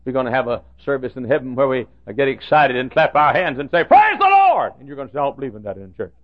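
A man preaching a sermon in a folksy, animated way, jumping from loud high outbursts to hushed asides. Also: racing. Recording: dull lo-fi recording.

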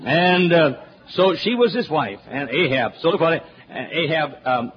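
Folksy high-voiced preacher. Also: male voice, expressive, a little slow. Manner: folksy, joking asides, building to emphatic. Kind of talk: sermon. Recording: dull lo-fi with faint noise.

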